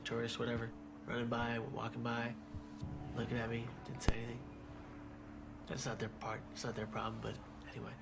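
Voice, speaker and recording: A man telling a personal story in a documentary interview, halting and repeating his words as he goes. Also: mid-range voice. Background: music.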